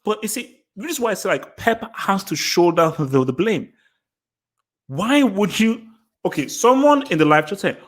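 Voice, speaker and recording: A man hosting a live football reaction stream, excitable, laughing often and repeating his words. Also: sits high, moderate pace. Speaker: football channel host.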